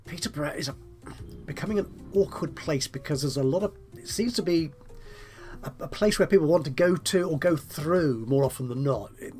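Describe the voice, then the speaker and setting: A man's voice: medium pitch, darkish tone. A man talking through a strategy game as he plays, musing aloud in a politely chatty, self-deprecating way. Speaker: let's play host. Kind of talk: gameplay commentary, thinking aloud.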